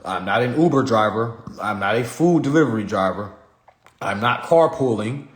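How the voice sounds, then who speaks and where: Animated, cursing man ranting. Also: fairly low pitch, roomy sound. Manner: profane, animated, laughs often. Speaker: live-stream host. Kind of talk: casual comedic rant.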